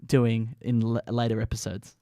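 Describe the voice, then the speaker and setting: A man hosts a radio show, pausing with uhs as he talks. His voice is mid-pitched and sounds dry and close. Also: little pitch movement, vocal fry, mellow, no room sound. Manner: hesitant, with uhs. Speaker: radio presenter. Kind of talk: radio links.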